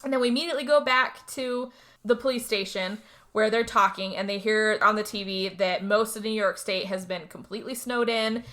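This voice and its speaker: Young woman podcast co-host, bright and forceful voice; lively, profane movie recap with acted-out lines. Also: mid-range voice, a little fast. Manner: animated storytelling, swearing, acts out character lines. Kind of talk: casual chat.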